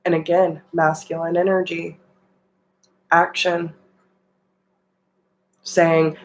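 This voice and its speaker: A woman's voice: fairly low pitch, fairly even intonation, slow pace, long pauses, low-quality recording. A woman giving an earnest, emotional tarot reading and talking straight to her viewers. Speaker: tarot reader.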